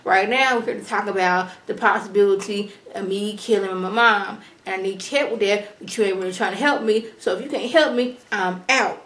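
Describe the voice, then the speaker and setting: A woman's voice: medium pitch, normal speed, hardly any pauses, a bit bright, echoey room, natural voice. A woman voicing a distraught, confused young male student, rambling in slangy talk.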